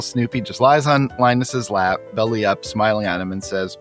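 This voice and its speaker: A man's voice: fairly low pitch, moderate pace, a bit bright, faint music behind. A man co-hosting a podcast in casual chat, reading comic strips aloud and laughing often. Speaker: podcast co-host.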